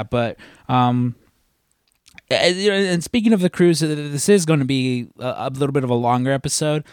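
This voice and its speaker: A man's voice: mid-range voice, clear, resonant tone, no echo. Rambling podcast co-host man, dry mic. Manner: rambling, many fillers and restarts. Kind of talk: casual chat.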